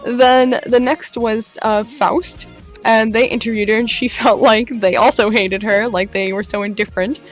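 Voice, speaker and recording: A woman vlogger dramatically retelling a live-action role-play adventure, casual and expressive. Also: a little high, normal speed, soft background music. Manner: animated, dramatic retelling with laughs. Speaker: LARP vlogger. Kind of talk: casual storytelling.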